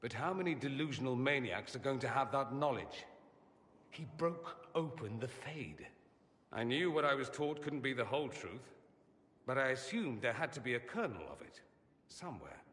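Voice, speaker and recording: Brief: actor as a sardonic male mage, bright tense voice, lively swoops in pitch, long reverb on the game audio. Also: moderate pace, natural voice. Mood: grim. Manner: wry, teasing, theatrical. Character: witty, sardonic male foreign mage, proud. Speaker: game character.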